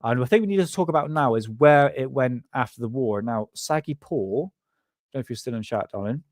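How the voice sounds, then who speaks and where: A man from England with a Bristol accent, hosting a casual chat, slangy and quick to laugh. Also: medium pitch, animated, dry recording, studio quality. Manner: chatty, slangy, laughs often. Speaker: podcast host.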